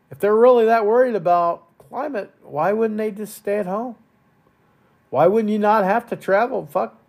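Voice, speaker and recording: A fairly high-voiced man rants angrily into his podcast mic, crude and profane. He often repeats words as he pushes ahead, sounding heated and indignant. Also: darkish tone. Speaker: podcast host. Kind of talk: profane ranting monologue.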